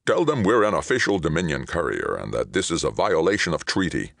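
A man's voice: rumbling low, sing-song, brisk, creaky, fairly bright tone, dry recording, studio quality, heavily acted. A man voicing a snappish male bureaucrat who talks tightly and snarls.

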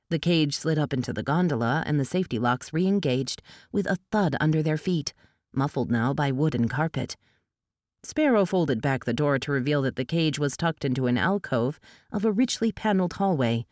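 Female audiobook narrator, low and dry, measured storytelling delivery. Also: lively intonation, darkish tone, no echo. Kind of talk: scripted narration.

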